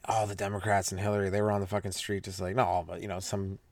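A man's voice: deep voice, level tone, fast talker, no echo. A young man from Canada, a stand-up comedian hosting a podcast, rambling loosely through his jokes, laughing at them and swearing a lot. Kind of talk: rambling stoned comedy monologue.

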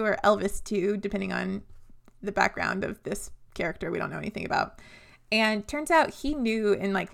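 A young woman co-hosting a casual book podcast, enthusiastic and quick to laugh. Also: medium pitch, gravelly, a bit bright. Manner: enthusiastic, laughs easily, chatty. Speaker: podcast co-host.

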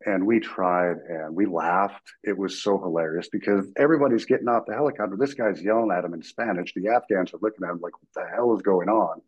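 Man, deep voice, husky, veteran guest, casual storytelling, acts out voices. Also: a little fast, hardly any pauses, highs cut off. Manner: animated, acts out quoted voices, laughs while telling.

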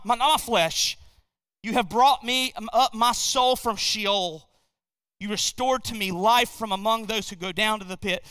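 A man preaching a sermon as a pastor, swelling loud on key words and dropping low between them. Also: clean tone. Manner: preaching with sudden swells and drops in volume. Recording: long hall reverb.

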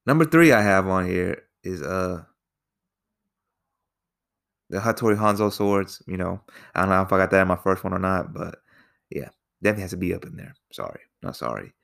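A man's voice: deep voice, expressive, a little fast, creaky, pauses often, fairly bright tone. A man casually reviewing a film, rambling with lots of fillers and slang, sometimes restarting his sentences. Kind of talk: casual spoken movie review.

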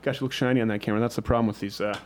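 A man's voice: lowish voice, fairly even intonation, rapid-fire, a little hiss or hum. A man hosting a casual studio show, joking and rambling with frequent restarts. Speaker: host.

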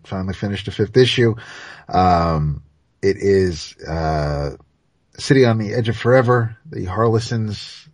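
A man with an extremely deep, husky voice talks through a comic book review in a loose, halting way, circling back with plenty of fillers. He sounds close and dry, with no room around him. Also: expressive, no echo. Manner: hesitant, many fillers and restarts. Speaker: podcast co-host. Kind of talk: casual comics podcast chat.

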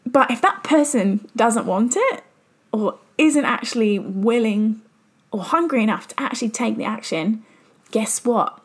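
A woman's voice: fairly high pitch, lively intonation, a little slow, husky. A woman who works as a business mentor gives an earnest, reflective motivational talk and repeats phrases for emphasis. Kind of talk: motivational self-help talk.

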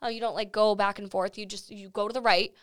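A woman's voice: mid-range voice, fairly even intonation, quick pace, no room sound. A young woman hosting a podcast, chatting casually with giggles and swearing. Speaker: podcast host. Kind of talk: casual chat. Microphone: studio microphone.

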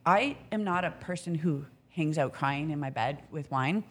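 A woman in a casual podcast chat, a restaurant business co-owner telling an animated, candid story and swearing now and then. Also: deep voice, moderate pace, slightly rough.

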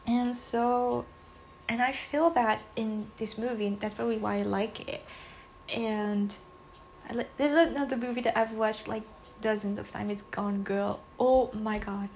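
A woman's voice: a little high, fairly even intonation, unhurried, darkish tone, a little hiss or hum. A woman hosting a casual solo podcast, speaking English as a second language, chatty and rambling with frequent giggles. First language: not English. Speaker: podcast host.

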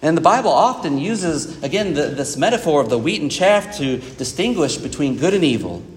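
A man's voice: a little high, very animated, normal speed, big-room sound. A man preaching a sermon, explaining a passage in a conversational way and often repeating his words.

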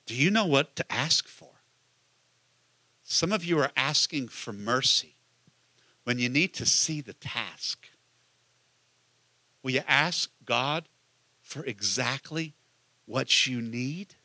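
A man's voice: medium pitch, lively intonation, slow pace, pauses often, pushed and bright, no echo. A man, a pastor, preaching a conversational sermon and asking the listeners many questions.

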